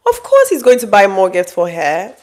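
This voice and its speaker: A woman delivers relationship advice in a direct-to-camera monologue. Her voice sits in a middle register, and she talks bluntly with a scolding edge, breaking into high mock voices whenever she acts out what someone else says. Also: wildly swooping pitch, normal speed, darkish tone.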